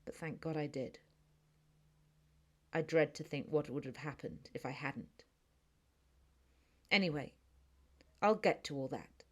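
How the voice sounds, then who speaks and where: A woman's voice: low voice, unhurried, long pauses, fairly bright tone. A woman with a British accent narrating a first-person audiobook in a chatty, snarky, conversational manner.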